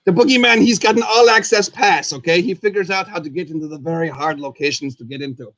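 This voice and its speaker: A man's voice: a little high, quick pace, fairly bright tone, dry recording. A man hosting a playful live-stream chat, goofy and full of exclamations. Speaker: host.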